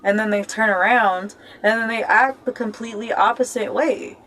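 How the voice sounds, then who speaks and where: A woman's voice: a little high, fairly even intonation, moderate pace, fairly bright tone, slight background noise, low-quality recording. A woman giving casual self-help advice to her viewers. She is blunt, swears freely, laughs often, and keeps checking in with "okay?". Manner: laughs often and jokes between points; talks straight to viewers as "y'all". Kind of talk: casual motivational talk.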